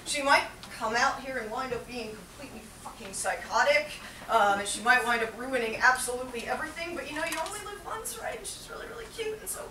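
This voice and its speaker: A woman's voice: sits high, animated, fast talker, few pauses. A woman performing a brash, crude young man who rambles with constant fillers and swearing, in a live stage monologue. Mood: flustered. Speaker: solo performer. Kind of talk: stand-up character monologue. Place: small theater with live audience. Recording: echoey room, mic far off, loud noise.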